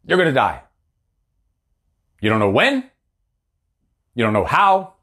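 A man's voice: medium pitch, huge pitch swings, slow, a bit bright. A man in his forties, a coach giving a blunt, profane, fired-up motivational talk. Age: 40s. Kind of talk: motivational monologue.

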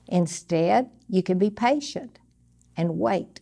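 An older woman giving a conversational sermon, teaching earnestly from personal experience in a steady, plain way. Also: fairly low pitch, slow, creaky. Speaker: Bible teacher.

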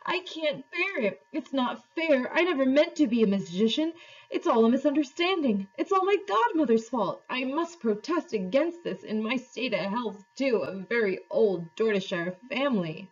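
Woman doing a high, trembling, wailing old gentleman. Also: animated, normal speed, husky, dull audio. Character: panicky, whining old gentleman, man.

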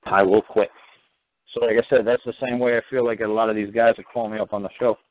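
A man's voice: mid-range voice, flat delivery, very fast. A man hosting a call-in radio show, telling blunt, rambling stories and swearing casually. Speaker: call-in talk show host. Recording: tinny phone-line radio audio with faint hiss.

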